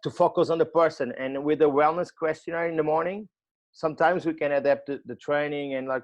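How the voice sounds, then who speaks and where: A male host whose first language is Portuguese, speaking English haltingly and searching for words. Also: fairly high pitch, fairly even intonation, highs cut off. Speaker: gym owner and show host. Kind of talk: conversational interview.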